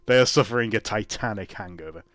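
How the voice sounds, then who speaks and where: A man narrating as game master, casual and quick to laugh or swear. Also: fairly low pitch, a bit bright, no room sound, studio quality.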